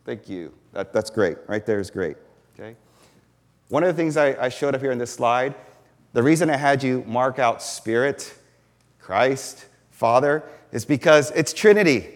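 A man's voice: medium pitch, animated, normal speed. A man giving an earnest sermon as a pastor, explaining a passage point by point and pressing hard on the words that matter. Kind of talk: sermon teaching. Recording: long hall reverb.

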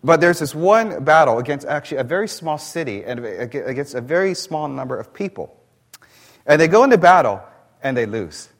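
A man preaching a sermon. He reads scripture slowly and then explains it in plain, conversational asides. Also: a little high, sing-song.

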